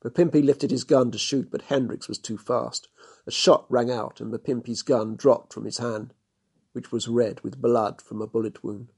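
Husky man reading a story aloud. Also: mid-range voice, fairly even intonation, normal speed, a little mellow. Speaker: narrator. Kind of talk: storybook narration.

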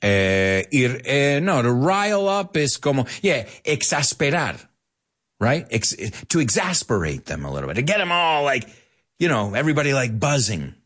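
A man's voice: medium pitch, very animated, moderate pace, a bit bright. A middle-aged man hosting a casual show, playful and laughing often, explaining English words with Spanish glosses. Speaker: show host teaching English. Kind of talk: casual bilingual radio-style show.

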